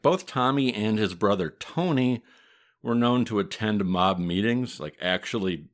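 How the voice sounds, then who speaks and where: A man with a Midwestern American accent and a very deep voice hosts a casual podcast. He tells history in a steady, matter-of-fact way, with a touch of dry humor. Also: a little slow. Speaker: podcast host, mafia historian.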